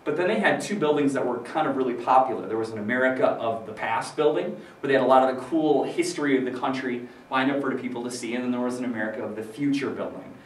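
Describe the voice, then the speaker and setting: A man's voice: mid-range voice, quick pace, few pauses. A man teaching a casual, joking history lesson to his students, full of fillers and asides. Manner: chatty, joking, loose with fillers. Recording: roomy, distant mic with faint background noise.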